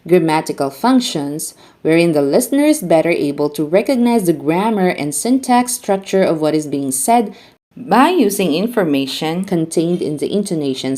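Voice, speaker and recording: A woman teacher giving a scripted lecture, reading out terms and example word pairs in an even, deliberate way. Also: on the low side.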